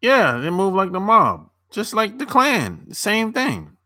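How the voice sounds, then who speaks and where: A man's voice: high-pitched, huge pitch swings, measured pace, sharp tone, no room sound, clean studio sound. A young man chatting loosely on a live stream, answering viewers as a dating coach, rambling and repeating himself with casual swearing.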